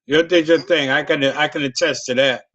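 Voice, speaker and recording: A man's voice: on the high side, fairly even intonation, normal speed, fairly bright tone, highs cut off. Rambling, profane New man host. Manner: loose, profane, repeats and restarts often. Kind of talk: casual interview with storytelling.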